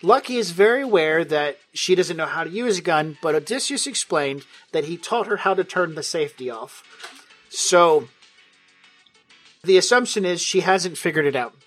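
A man's voice: a little high, lively intonation, moderate pace, a bit bright, soft background music. A man running a tabletop game as game master, narrating with a playful, wry manner. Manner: playful and wry, breaks into laughter.

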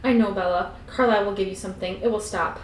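A woman's voice: mid-range voice, fairly even intonation, fast talker, roomy sound, recorded from a distance, a little hiss or hum, natural voice, rough recording. A woman reading a pleading young vampire man. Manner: soft, pleading.

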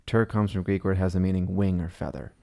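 A man's voice: low voice, fairly even intonation, fast, creaky, darkish tone, no room sound, clean studio sound. A young man co-hosting a casual podcast chat, rambling with many fillers and restarts. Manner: rambling, lots of fillers and restarts, laughs often. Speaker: podcast co-host.

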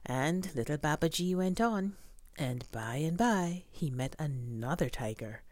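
Woman reading a children's story, low voice, very lively pitch, dry close sound. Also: unhurried, no room sound.

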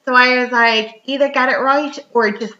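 Girl chatting away about a movie, bright voice, roomy muffled sound. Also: high-pitched, normal speed. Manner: chatty, lively retelling full of "like" and quoted lines. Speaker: podcast co-host. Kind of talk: casual chat recapping a film. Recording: echoey room, slightly dull sound.

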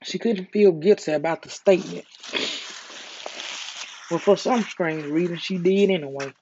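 An ASMR storyteller with a Southern US accent, calm and soothing, reading a story slowly to a close mic. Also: medium pitch, a little hiss or hum. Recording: dull lo-fi recording.

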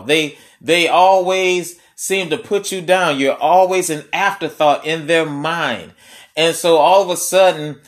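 A man preaching a sermon in a conversational way, repeating key lines slowly for emphasis. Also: a little high.

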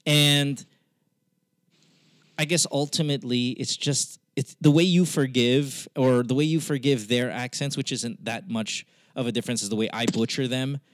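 A man with a Filipino accent hosting a podcast in casual chat, animated and swearing freely, slipping into Tagalog. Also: medium pitch, moderate pace, no room sound. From Philippines. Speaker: podcast host.

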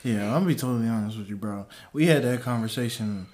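A man's voice: medium pitch, fast, darkish tone, echoey room. A man co-hosting a podcast in laid-back, casual banter, calling everyone bro. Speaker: podcast co-host.

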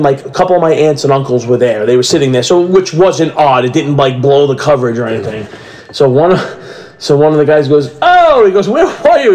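A man in his thirties co-hosting a casual podcast chat, telling stories and acting out quotes with rising energy. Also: mid-range voice. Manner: animated storyteller, acts out quotes loudly. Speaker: podcast co-host.

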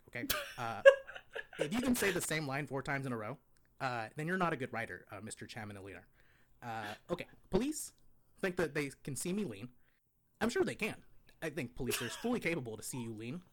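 A man voicing a condescending, pompous male pundit, lecturing deadpan in a comic impression on a podcast. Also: mid-range voice, brisk. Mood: smug lecturing.

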